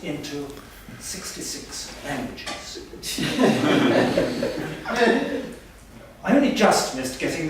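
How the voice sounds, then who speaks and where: A man's voice: a little high, noisy background. A man playing a pompous, boastful male language professor in a stage comedy sketch, heard from far off in an echoey hall. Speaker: comic stage performer.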